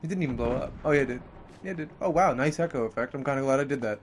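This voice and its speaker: Racing through his words, this gamer commentates a let's play with mounting frustration, cursing constantly and spiking in pitch during outbursts. Some faint background noise is audible.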